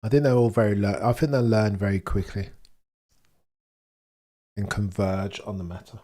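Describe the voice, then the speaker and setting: A young man with a lowish, warm voice hosts a livestream at a normal pace. He reads comments aloud in a chatty, joking way, laughing often and muttering asides.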